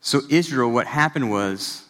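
A man's voice: medium pitch, a little slow. Guy in his 30s preaching, chatty storytelling with some fired-up moments, big hall echo. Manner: conversational storytelling, animated bursts. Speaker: pastor. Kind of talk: sermon. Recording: long hall reverb.

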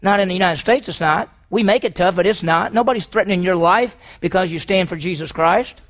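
A man preaching a sermon to a congregation in a church hall, swinging from loud emphasis to hushed near-whispers and putting questions to the room. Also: sits high, a little fast. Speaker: pastor.

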